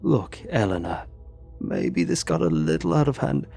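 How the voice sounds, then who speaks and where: Guy doing tired soldier, low husky sighing voice. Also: animated, unhurried, a little mellow, soft background music, full character voice. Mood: sheepish. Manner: sighing, reflective. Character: weary Norwegian man soldier, thoughtful.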